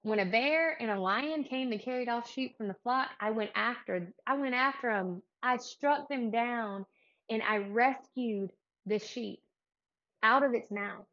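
A woman voicing a bold, indignant young male shepherd in a retold Bible story, her voice rising high and loud. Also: a little slow, lo-fi sound. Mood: determined.

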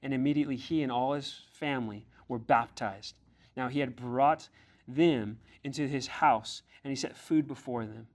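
A man's voice: medium pitch, moderate pace, darkish tone. A man preaching a sermon to a youth group as their pastor, earnest and direct, pressing his listeners with blunt questions and now and then acting out the voices in scripture.

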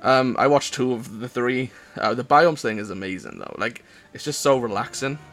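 A Welsh man chatting casually on a podcast through a headset mic. His voice sits at an ordinary middle pitch, and he talks in loose, hesitant runs full of "um" and "like". Faint music plays behind him. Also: sing-song, normal speed, vocal fry, fairly bright tone. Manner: rambling, hesitant, many fillers. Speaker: podcast co-host.

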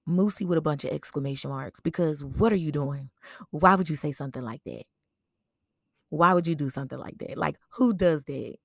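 A woman's voice: deep voice, brisk, vocal fry, dry recording, studio quality. A woman hosting a podcast, telling a personal memorial story in a conversational way and often checking in with "right?". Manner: reflective storytelling with fillers. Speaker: podcast host.

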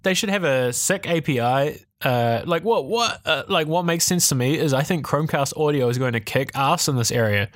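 A man co-hosting a casual tech podcast, talking in an animated, ranty way with swearing and laughter. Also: a little high, normal speed, hardly any pauses, no echo, clean studio sound. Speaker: podcast co-host.

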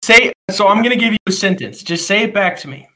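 A laid-back podcast co-host who teases his friend and laughs a lot. His voice is high and bright. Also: expressive, quick pace. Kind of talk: casual chat.

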